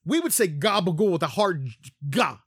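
High-voiced man in rambling casual chat. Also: expressive, moderate pace, a bit bright, no echo, clean studio sound. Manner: rambling, swears freely, heavy use of "like".

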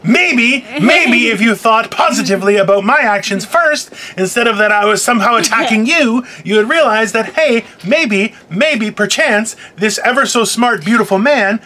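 A man's voice: sits high, animated, moderate pace, hardly any pauses, bright, forceful tone. A young man co-hosting a podcast, teasing and playfully dramatic in casual banter. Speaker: podcast co-host.

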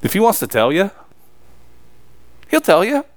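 A man's voice: high voice, wildly swooping pitch, unhurried, dry recording. A man preaching a sermon, emphatic and pressing the congregation with rhetorical questions.

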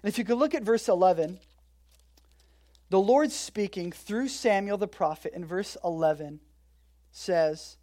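Preacher chatting thru a sermon, cracks jokes, goes loud then real quiet, mid pitch. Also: a little slow, pauses often. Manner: casual, joking storytelling with sudden swings between loud and quiet. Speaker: pastor. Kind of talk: conversational sermon.

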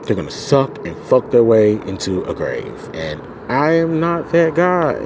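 A man hosting a podcast, ranting angrily and profanely, swinging from low muttering to loud outbursts. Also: sing-song, measured pace, noisy background. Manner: profane, venting, swings between muttering and shouting. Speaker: podcast host. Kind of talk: angry solo podcast rant.

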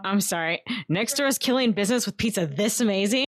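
A woman's voice: medium pitch, expressive, fast, dry recording, clean studio sound. A woman playing a character in a tabletop game, blunt and playful. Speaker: player.

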